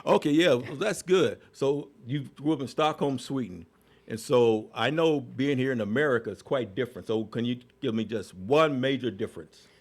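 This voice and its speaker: A man's voice: mid-range voice, normal speed. A man hosting an interview, chatty and playful, often repeating himself as he asks questions. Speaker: host.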